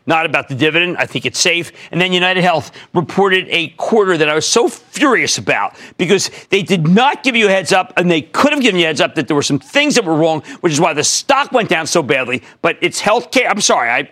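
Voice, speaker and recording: Man in his 60s, finance TV host, high voice, bright, emphatic, excitable. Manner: emphatic, excitable, shouts names. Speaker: TV stock market show host. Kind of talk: energetic TV finance commentary.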